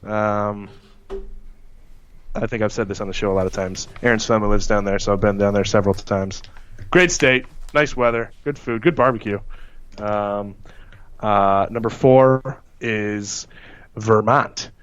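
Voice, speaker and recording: A man's voice: lowish voice, steady tone, unhurried, fairly bright tone, clean tone, lo-fi sound. A man co-hosting a podcast in casual chat, rambling and joking. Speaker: podcast co-host.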